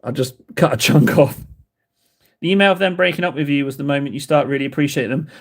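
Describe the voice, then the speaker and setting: A man with a higher voice and a quick pace hosts a livestream where he paints miniatures. He chats casually with his live chat, rambling, poking fun at himself, and laughing a lot.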